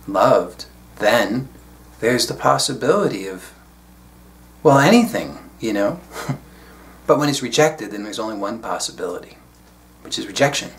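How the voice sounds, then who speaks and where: Low-voiced man giving a reflective talk. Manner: reflective, unhurried, casual asides. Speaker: spiritual teacher. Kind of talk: solo video talk.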